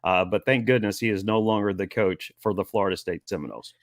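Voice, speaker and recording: A man co-hosting a sports radio show, recalling old games and coaches in an earnest, halting way. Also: fairly low pitch, dry recording, studio quality. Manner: earnest, reminiscing, with filler pauses. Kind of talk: casual sports talk.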